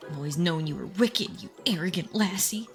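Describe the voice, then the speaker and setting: A hoarse woman voicing a spiteful old village man who scolds and accuses, over game music. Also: fairly low pitch, expressive, a little fast. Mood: scornful. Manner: scornful and accusing.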